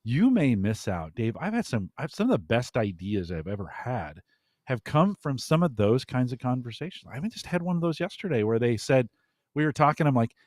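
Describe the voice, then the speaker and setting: Animated man with a lively pitch. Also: fairly quick, no room sound, studio quality. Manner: animated, chuckling, restarts often. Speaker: podcast guest. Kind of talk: casual podcast chat.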